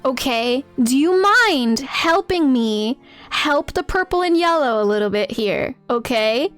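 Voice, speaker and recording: A woman's voice: high-pitched, unhurried, clear, resonant tone, faint music behind. A woman streaming a game live, laughing often and talking to her chat while reading out game lines. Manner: giggly, animated, reads out game lines.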